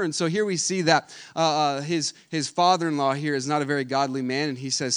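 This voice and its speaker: A man with a high voice preaches a sermon from the pulpit. He retells a Bible story in a loose, chatty way, slipping into the voices of its characters. Then he builds to loud, emphatic exhortation. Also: a little fast, few pauses. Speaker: pastor.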